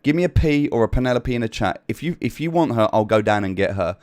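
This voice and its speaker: A man's voice: mid-range voice, expressive, fast, a little mellow. A man hosting a casual livestream from an upstairs room at home, chatting straight to his viewers and often repeating himself. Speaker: livestream host.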